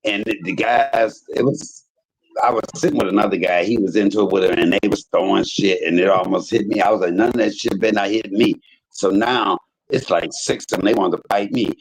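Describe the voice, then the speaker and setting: A man with a low, husky voice tells stories in casual livestream chat. He gets animated and quotes people with sudden high jumps in his voice. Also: fairly quick, poor audio. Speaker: livestream host.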